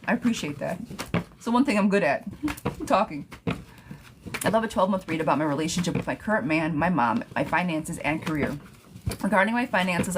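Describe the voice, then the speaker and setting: A woman's voice: lowish voice, noisy background. A woman reading tarot live for viewers, chatting casually and laughing often. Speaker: tarot reader.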